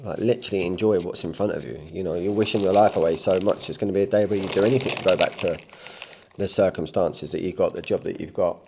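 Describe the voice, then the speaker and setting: A man's voice: sits low, fairly even intonation, fast talker, darkish tone, slight background noise. A man, a coach giving a blunt, rambling, impassioned motivational talk, unscripted. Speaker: self-improvement coach.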